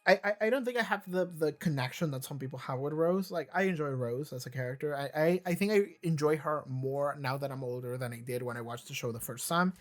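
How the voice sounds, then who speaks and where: An excitable reaction host rambles through casual commentary, tripping over restarts and swearing freely. The voice sits at a middling pitch, and faint music plays behind the talk. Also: a little fast, few pauses. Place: seated in a chair.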